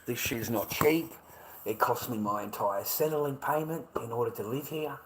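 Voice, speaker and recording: A man's voice: mid-range voice, moderate pace, fairly bright tone, low-quality recording. A man with an Australian accent in a profane, repetitive monologue, stammering as he restarts his sentences. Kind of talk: ranting monologue.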